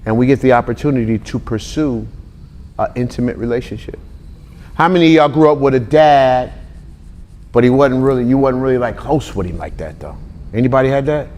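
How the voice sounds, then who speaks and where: A man in his forties giving a lively, conversational Bible teaching, talking straight to his listeners and acting out the people in his stories. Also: medium pitch, brisk. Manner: animated, talks straight to the audience, acts out quotes. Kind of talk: conversational sermon-style teaching.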